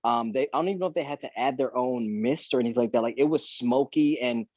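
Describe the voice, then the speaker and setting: Man, podcast guest, animated storyteller, dry close sound, muffled lo-fi audio. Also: medium pitch, fast talker, no echo. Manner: animated storyteller, acts out quotes. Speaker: guest actor. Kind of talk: casual podcast chat.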